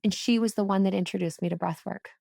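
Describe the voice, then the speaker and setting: A woman guest telling a personal story in a casual podcast chat, animated and chatty, with plenty of "like" fillers. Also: medium pitch, fast, creaky, no echo, clean studio sound. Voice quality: emotional, tearful at moments. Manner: animated, chatty, lots of "like" fillers, laughs and swears while telling.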